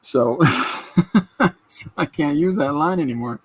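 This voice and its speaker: A Canadian man in his fifties hosts a podcast as a casual livestream chat, rambling along and reading out viewer comments. His mid-range voice moves at a moderate pace and sounds creaky and husky.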